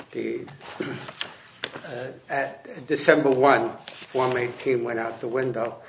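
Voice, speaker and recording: A man arguing a case before judges in a courtroom, halting and restarting often with fillers. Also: medium pitch. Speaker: attorney arguing an appeal. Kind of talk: courtroom oral argument. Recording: echoey, muffled courtroom audio with faint hiss.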